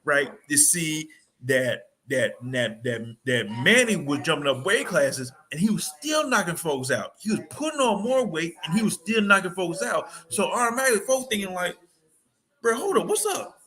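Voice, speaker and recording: Man, podcast co-host, bright clear voice, animated slangy sports chat, rambling storyteller. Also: on the high side, moderate pace.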